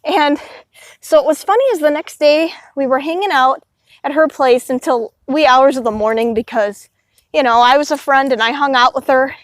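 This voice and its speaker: A woman's voice: sits high, moderate pace, no room sound, clean studio sound. A woman vlogging, telling a rambling personal story in casual chat with many "you know" asides. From Illinois, United States.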